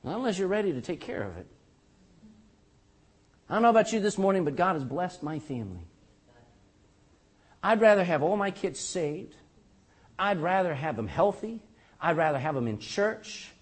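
An older man preaching a sermon as pastor, animated and joking, with rhetorical questions to his congregation. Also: high voice, moderate pace, pauses often, husky.

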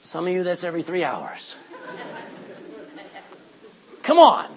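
A middle-aged male preacher giving a lively sermon, reading scripture and acting out everyday asides. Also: sits high, slow pace, creaky, a crowd in the background, poor audio.

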